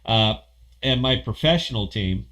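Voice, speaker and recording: A man hosts a casual livestream podcast, rambling from one thought to the next. He swears freely and gets excited quickly. His voice has a bright, forceful edge. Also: on the low side. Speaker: podcast host.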